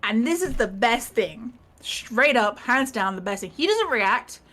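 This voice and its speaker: Bright, high woman rambling through a recap. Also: very animated, a little slow. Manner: rambling, laughing, swearing, quoting characters in a rush. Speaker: player recapping the last session. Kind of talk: casual recap of a tabletop game.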